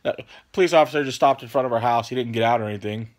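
A relaxed man with a drawl hosts a casual question-and-answer vlog. He rambles and trails off, keeps saying "man," and apologizes a lot. His voice sits in an ordinary middle register. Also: mid-range voice, rapid-fire. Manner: laid-back, rambling, apologetic, peppers talk with "man". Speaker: channel host answering viewer questions.

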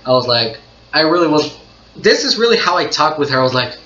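An excitable anime reaction channel host gives casual reaction commentary, laughing often and repeating himself. His voice is a little high and fairly quick. The recording is dull and echoey, with a little hiss or hum.

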